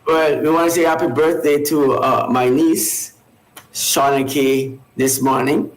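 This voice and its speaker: A man's voice: medium pitch, fairly even intonation, roomy sound, rough recording. A man co-hosting a casual morning radio talk show, often stumbling and repeating his words as he goes. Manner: halting, repeats words, laughs easily.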